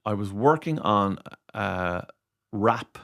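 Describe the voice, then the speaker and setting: Gravelly low-voiced Irish man telling stories. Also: slow. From Ireland. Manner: animated storyteller, acts out quoted voices. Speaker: radio presenter, guest. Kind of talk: casual storytelling interview.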